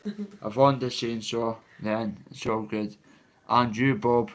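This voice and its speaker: A man chatting on a live stream from a family home, talking fast and bluntly, swearing and giving shout-outs to viewers. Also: medium pitch, fairly even intonation. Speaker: livestreamer. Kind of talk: casual live-stream chat. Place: a family member's home, indoors.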